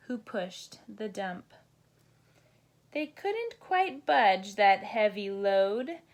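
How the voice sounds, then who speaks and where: Slow, gentle storybook reader, woman. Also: mid-range voice. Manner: gentle, sing-song reading with animal sounds. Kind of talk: children's storybook read-aloud.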